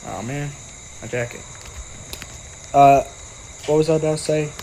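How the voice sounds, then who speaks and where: A man's voice: a little high, steady tone, a little slow, very noisy. A young man giving casual, playful commentary over a video game and joking with the characters on screen. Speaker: gaming video creator.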